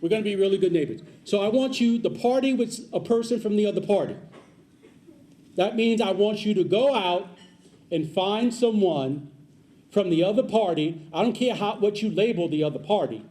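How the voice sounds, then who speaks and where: This man has a high-pitched, warm voice and keeps a moderate pace. As the guest speaker at a community celebration, he recounts a personal story, adds jokey asides to the crowd and repeats what matters most.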